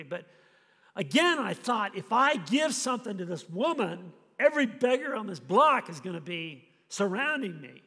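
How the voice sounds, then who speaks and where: A man preaching a sermon, telling a story with animated, acted-out scenes. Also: high voice, breathy edge, in a large hall. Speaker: pastor. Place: church hall.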